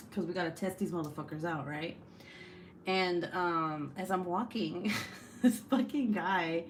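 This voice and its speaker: A woman's voice: mid-range voice, slight background noise. Laughing, foul-mouthed woman livestreamer. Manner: swears freely, laughs often, animated and chatty. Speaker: livestream host. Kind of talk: casual chat and storytelling.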